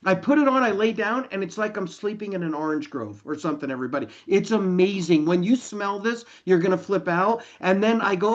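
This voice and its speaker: A man, a company leader, telling an animated story to an online meeting and acting out the dialogue. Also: sits high, fast talker, few pauses, highs cut off. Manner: energetic, enthusiastic, acts out dialogue.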